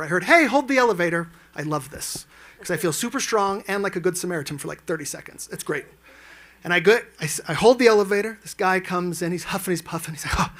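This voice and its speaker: A man's voice: sits high, a bit bright. A man performing a stand-up comedy set, telling stories animatedly and acting out quotes with sudden jumps in his voice. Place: live event lounge.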